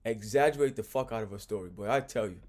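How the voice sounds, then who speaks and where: A man's voice: fairly low pitch, fast, darkish tone. Laid-back man giving frank commentary. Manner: laid-back, frank, repeats "you know what I'm saying". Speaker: host reacting to a clip. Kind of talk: casual commentary.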